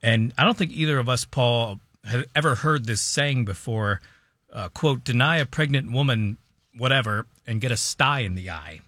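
A man's voice: medium pitch, normal speed, a bit bright, dry recording. A man hosting a radio talk show segment in easygoing casual banter. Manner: easygoing, self-conscious reading aloud. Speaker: radio host.

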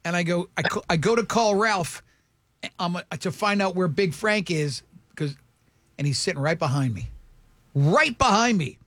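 A man hosting a morning radio show, telling a rambling, self-mocking story in a casual, animated way. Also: sits high, moderate pace, dry recording.

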